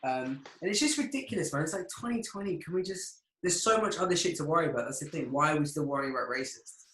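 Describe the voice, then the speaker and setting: A man talks heatedly in a loose podcast chat, swearing freely and tripping over his own restarts. His voice sits somewhat high for a man. The room around him gives off a noticeable echo. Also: lively intonation, fast, a bit bright. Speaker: podcast co-host. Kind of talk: casual chat. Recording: echoey room.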